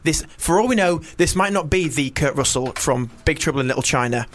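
A young man hosting a comic radio show, rambling and joking with an animated manner. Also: fairly high pitch, fairly quick. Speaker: radio host.

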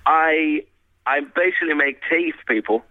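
A man's voice: a little high, normal speed, no room sound. Hesitant man on the phone. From Sheffield, England. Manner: modest, hesitant. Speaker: caller. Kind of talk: casual phone-in chat. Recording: dull phone line.

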